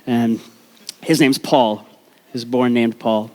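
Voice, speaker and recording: A young Canadian man tells a comic personal story on stage at a storytelling event, joking at his own expense and swearing freely before a live audience. His medium-pitched voice is a little mellow, with fairly even intonation and a slow pace.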